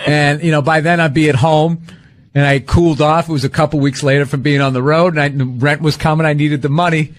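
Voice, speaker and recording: A man's voice: on the high side, a little fast. A male comedian telling casual stories about his early gigs, laughing as he talks. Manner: storytelling, laughs into his lines. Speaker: comedian guest. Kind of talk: casual chat.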